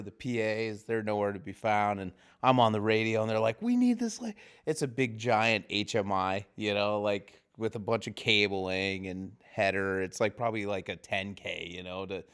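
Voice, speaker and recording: A man's voice: lowish voice, smooth. A man, a film-set grip, telling a long anecdote on a casual podcast, laughing often. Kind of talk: casual storytelling chat.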